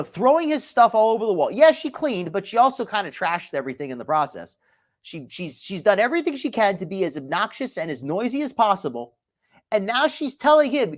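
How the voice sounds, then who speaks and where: A man hosting live commentary on stream clips, his pitch swinging widely as he talks. He sounds incredulous and critical. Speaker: host.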